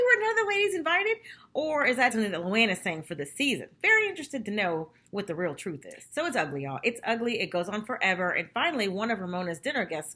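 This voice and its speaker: Animated, chatty woman recapping reality TV. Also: mid-range voice. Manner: chatty, gossipy, animated quoting of others. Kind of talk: casual chat.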